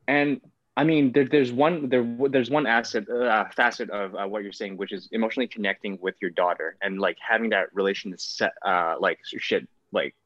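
A man's voice: on the low side, fairly even intonation, moderate pace, fairly bright tone, no room sound. A man, an actor, talking casually in an interview, rambling with many fillers. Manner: rambling, full of fillers like "like" and "whatnot". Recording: dull, lo-fi sound.

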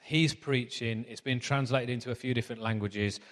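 A man preaching in a chatty, story-led way, his voice at an ordinary middle pitch. Each phrase trails into the long reverb of a church hall. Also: fairly even intonation, fairly quick, fairly bright tone. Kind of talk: sermon.

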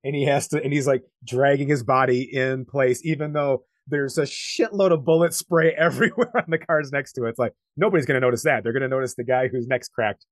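A man's voice: mid-range voice, fairly quick, hardly any pauses, no room sound. A man from Detroit, talking animatedly and rambling in a casual film podcast. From Detroit, USA. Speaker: podcast co-host.

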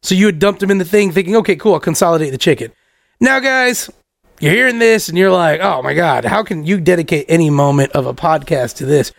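A young man hosting a podcast, telling a story in a profane, animated way and acting out the other people's lines. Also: fairly high pitch, fairly quick, vocal fry, no echo, clean studio sound. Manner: profane, acts out every voice in the story. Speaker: podcast host.

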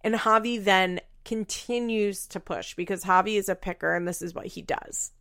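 Woman, casual recap talk, laughs a lot, vocal fry, dry close sound. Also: medium pitch, moderate pace, fairly bright tone, no echo. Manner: chatty, laughing, heavy use of "like". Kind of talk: casual chat recapping a show.

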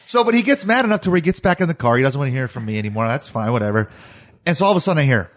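A man's voice: mid-range voice, expressive, very fast. A man in casual group chat, telling a story animatedly and acting out the quotes and sounds.

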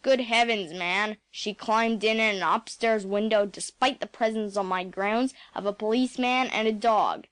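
A woman growling as a gruff, grumpy bachelor. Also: mid-range voice, moderate pace, hardly any pauses, a bit bright, natural voice. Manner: disagreeable and growling. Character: gruff, irritable middle-aged bachelor man.

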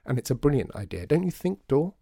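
A man voicing a lively, teasing woman in a storybook reading. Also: medium pitch, a little fast, gravelly, no echo, studio quality.

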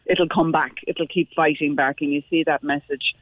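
A woman's voice: sits low, steady tone, moderate pace, dry recording. A woman calling in to a radio show, earnest and enthusiastic. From Ireland, Dublin. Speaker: radio caller. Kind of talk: phone-in chat. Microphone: phone. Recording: tinny phone line.

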